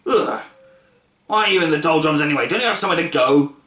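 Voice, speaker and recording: Man as a growling, barking storybook watchdog, bright and lively, stern and impatient; echoey room. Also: a little high, quick pace. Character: gruff clockwork watchdog, male, impatient and stern.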